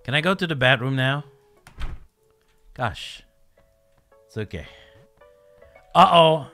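A man's voice: medium pitch, expressive, takes it slowly, sharp tone, soft background music. A man giving casual, joking commentary while playing a language-learning game, laughing often.

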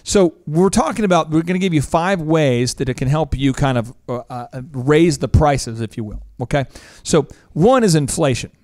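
A man hosting a business podcast, talking in an animated, jokey way with quick asides and playful impressions. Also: fairly high pitch, dry recording, clean studio sound. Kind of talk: energetic casual business talk.

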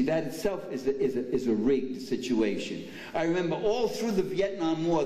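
A man's voice: mid-range voice, dark tone. An older man giving a political speech at a banquet, sarcastic and full of mocking asides. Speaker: speaker at a banquet. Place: banquet hall. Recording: echoey hall from far off.

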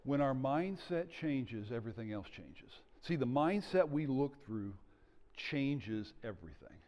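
A man preaching a sermon as pastor, animated and calling out to the congregation for responses. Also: medium pitch, a little slow, dull audio. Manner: animated preaching with audience call-outs. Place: church sanctuary. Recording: church hall with long reverb.

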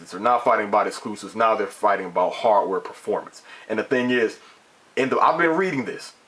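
A man with a lowish voice talks straight to his viewers in a loose, ranting vlog. He presses his points hard, circles back to them, and restarts his sentences often. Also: a bit bright. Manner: emphatic and repetitive, with frequent restarts and mild swearing. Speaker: gaming vlogger. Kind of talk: casual opinion rant to camera.

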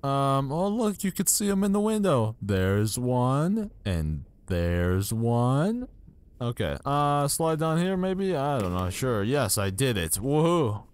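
An excitable young man talks through a video game as he plays, with a voice that swoops up and down. He speaks slowly and unhurriedly, and mocks himself cheerfully into a desk microphone. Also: mid-range voice, clear, resonant tone. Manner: excitable, self-mocking reactions while playing. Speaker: gaming YouTuber. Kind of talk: casual let's-play commentary. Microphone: new desk microphone.

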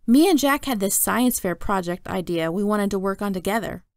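A woman's voice: medium pitch, animated, normal speed, gravelly, a little mellow, no echo, studio quality. A woman voicing a sly schoolboy bully who sounds falsely innocent and sneering, reading a storybook aloud.

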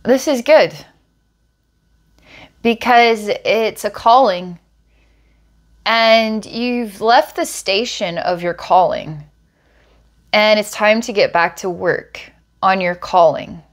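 Slow-talking woman psychic reader. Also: mid-range voice. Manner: slow, searching, descriptive. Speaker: psychic healer. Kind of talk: energy healing reading.

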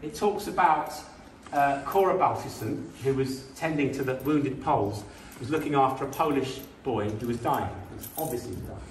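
A man's voice: medium pitch, moderate pace, slight background noise. A middle-aged man giving an illustrated talk as a guest speaker, telling stories with emphasis and frequent hesitations. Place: school hall. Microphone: speaking at a distance from the mic. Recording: very echoey hall, voice from far off.

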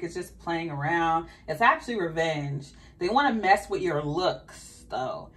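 A woman's voice: lowish voice, lively intonation, a little slow, few pauses, fairly bright tone, far from the mic. A woman with a slight Southern American accent, giving a chatty, think-aloud tarot reading to her viewers. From Southern United States. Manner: chatty, thinking aloud, repeats questions to spirit. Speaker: tarot reader. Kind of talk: casual tarot reading monologue.

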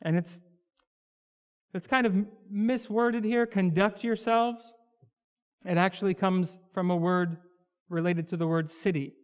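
A pastor with a notably high voice delivers a verse-by-verse sermon, drawing out words he wants to stress. The sound is muffled and lo-fi, with a long echo rolling through the sanctuary. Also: steady tone, clear, resonant tone. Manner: expository preaching, slows down for emphasis on key words. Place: church sanctuary. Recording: dull, lo-fi church recording with long hall reverb.

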